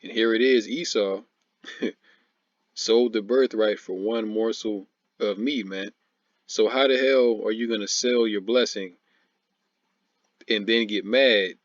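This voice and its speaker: A religious commentator with a fairly low pitch and steady tone speaks slowly, leaving long pauses; the lo-fi recording has no echo. He preaches informally over scripture, laughing and mocking frequently and leaning on "man" and "all right."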